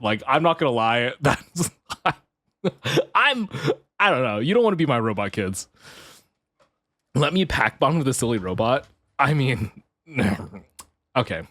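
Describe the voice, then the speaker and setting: A man's voice: mid-range voice, sing-song, measured pace, pauses often, fairly bright tone, no echo. A man streaming casually as a VTuber. He swears, laughs often and rants half-jokingly. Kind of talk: casual live-stream chat.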